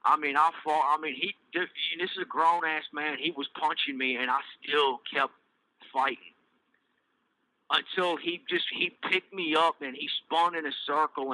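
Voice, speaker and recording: Halting Southern man, bright and dry. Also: fairly high pitch, steady tone, dry recording, rough recording. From Virginia. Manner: loose, halting, many fillers and restarts. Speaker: podcast host telling his life story. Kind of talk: casual personal storytelling.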